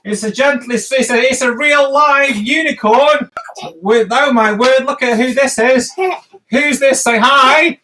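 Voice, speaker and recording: High, bright-voiced man chatting while drawing. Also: measured pace, poor audio. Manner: playful, chatty, narrating while sketching. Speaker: comic artist hosting a live drawing stream. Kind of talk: live stream chat while drawing.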